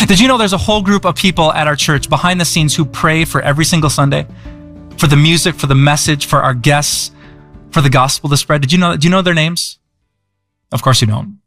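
A man's voice: on the high side, a bit bright. A man preaching a sermon as pastor, conversational, repeating words and asking the audience questions. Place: church.

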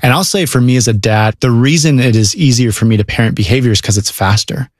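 A man speaking earnestly about parenting and faith in a relaxed conversation. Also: medium pitch, fast talker, no room sound, studio quality. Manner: earnest, speaks of God and discipleship.

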